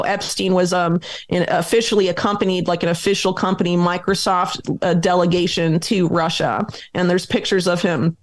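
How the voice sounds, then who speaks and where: A woman guest on a podcast, talking quickly and emphatically through a long, detailed explanation full of dates and names. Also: mid-range voice. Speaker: guest author and journalist.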